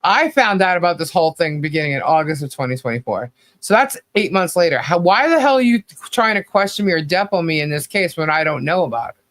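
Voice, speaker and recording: A man's voice: on the high side, animated, fast talker, fairly bright tone. A man co-hosting a podcast, delivering critical commentary in a rambling, blunt rant full of "you know" and casual swearing. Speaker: podcast co-host.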